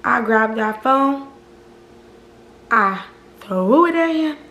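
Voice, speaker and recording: A woman vlogger telling a storytime in casual chat, animated and profane, often calling out to her viewers. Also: fairly high pitch, slow pace. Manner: animated, profane, keeps addressing viewers as "y'all". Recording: roomy echo.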